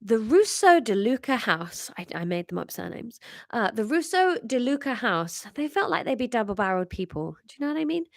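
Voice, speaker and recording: A woman's voice: fairly high pitch, very animated, fairly quick, no room sound, clean studio sound. A woman in her thirties with a congested, nasal voice chats casually on a live stream and reads her own story aloud, with self-mocking asides and lots of fillers. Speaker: comedian host reading her own story.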